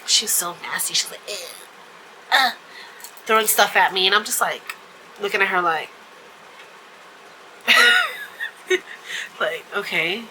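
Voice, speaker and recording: Woman host for a casual talk vlog, mid-pitched and very bright, loose and chatty delivery. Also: wildly swooping pitch, unhurried, pauses often, slight background noise, poor audio. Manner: chatty storytelling with frequent fillers and laughs.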